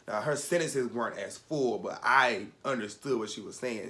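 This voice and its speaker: A man's voice: medium pitch, fairly even intonation, a little fast, hardly any pauses, sharp tone, slight background noise. A young man telling a personal story in casual chat, candid and rambling, fighting back tears at moments.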